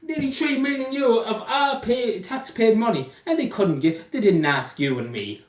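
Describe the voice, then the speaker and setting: An Irish man in full heated rant, cursing freely and circling back over the same points. His voice moves a lot in pitch as the anger builds. He sounds a little off the mic, with an echoey room around him. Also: animated, a little fast, few pauses, distant mic. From Ireland. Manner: heated, swearing, repeating himself. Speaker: vlogger. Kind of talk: angry political rant.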